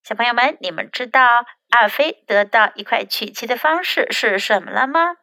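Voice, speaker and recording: A woman English teacher reading a children's story aloud in two languages, explaining phrases in a slow, storybook manner. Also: fairly high pitch, pushed and bright, no room sound.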